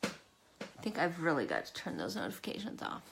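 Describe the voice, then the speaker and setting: A woman's voice: low voice, huge pitch swings, normal speed, vocal fry, fairly bright tone, a little hiss or hum. A woman hosting a live makeup stream, chatty and emotional, talking to her viewers by name. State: tearful at times. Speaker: makeup livestream host. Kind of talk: casual live makeup chat.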